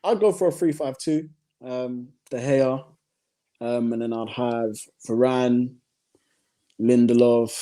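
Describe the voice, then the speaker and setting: A man's voice: mid-range voice, warm tone. A man co-hosting a casual football chat, hesitant with many ums. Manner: hesitant, lots of ums, laughs easily. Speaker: co-host.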